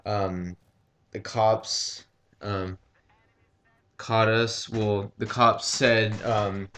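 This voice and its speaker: Guy, slightly low voice, halting casual storyteller who says um constantly and swears loosely. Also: flat delivery, fairly bright tone, a little hiss or hum. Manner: rambling, halting, full of ums and likes. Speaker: gaming commentator. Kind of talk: casual storytelling over gameplay.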